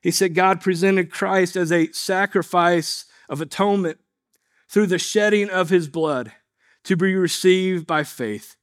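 Man, pastor, high voice, earnest measured sermon, rhetorical questions.

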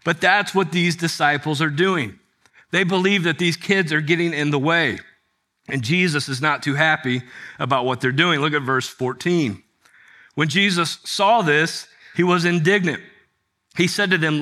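A male pastor delivers a sermon in a bright, slightly high voice. He talks conversationally, posing rhetorical questions to his listeners and explaining scripture. His tone is forceful and clear. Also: normal speed. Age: adult with children.

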